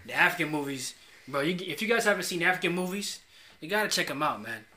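A man co-hosting a podcast in casual chat, animated and slangy, often saying "bro". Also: on the high side, fast. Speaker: podcast co-host. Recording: roomy echo.

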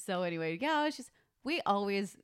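A woman telling a story in casual chat, animated, swearing freely and acting out what people said. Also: medium pitch, brisk, smooth, no room sound, studio quality.

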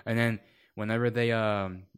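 A man's voice: lowish voice, steady tone, normal speed, clear, resonant tone. A man telling long work stories in casual chat, rambling with many fillers and acting out quoted voices. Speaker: podcast guest.

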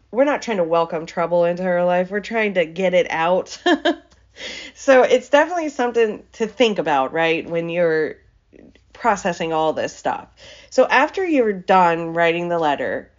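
A woman talks through a motivational podcast with an easy, chatty manner. She laughs between points and checks in with "right?" Her voice sits in the middle of her range, and the audio is a little dull and lo-fi. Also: mid-range voice. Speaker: podcast host.

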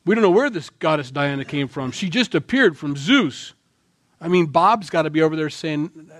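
A male pastor preaching a sermon in an animated way, swinging between loud lines and quiet asides. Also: a little high, a little slow, pauses often.

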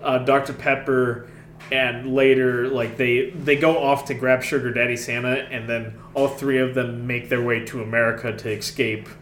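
A man's voice: mid-range voice, little pitch movement, normal speed, fairly bright tone, echoey room, slight background noise. A young man recapping a web series he made, rambling with many fillers and laughs, in a casual chat.

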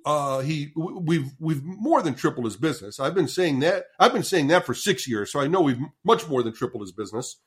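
Man, 60s, podcast guest, storytelling, somewhat high voice, animated, stumbles over words, casual swearing. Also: fairly quick, hardly any pauses, breathy edge. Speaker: guest, marketing consultant.

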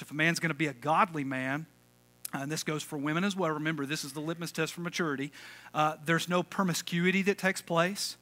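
A male pastor preaching a lively, conversational sermon, calling out to the congregation. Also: fairly high pitch. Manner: energetic, conversational, calls for audience response.

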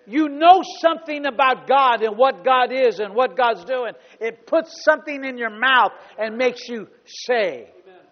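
High-voiced preaching man in an echoey hall. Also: muffled recording. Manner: emphatic preaching, repeats phrases, builds to loud exclamations. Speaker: pastor. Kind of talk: sermon.

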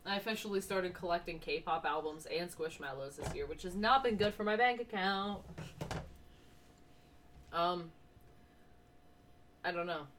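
A woman's voice: lowish voice, measured pace, long pauses, background noise. Chatty young woman podcast co-host. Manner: chatty, rambling, laughs often. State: has the hiccups. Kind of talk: casual unscripted chat.

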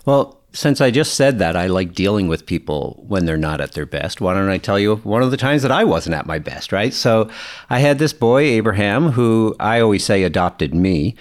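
Candid storytelling man, lowish voice. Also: animated, normal speed. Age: middle-aged. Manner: candid, swears freely, laughs while telling. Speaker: guest. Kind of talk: casual storytelling.

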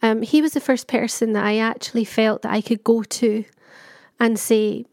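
A woman's voice: on the high side, fairly even intonation, normal speed, a little mellow, dry recording. Chatty woman, dry close voice. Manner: candid, chatty, with many fillers and restarts. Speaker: patient telling her story. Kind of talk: personal monologue.

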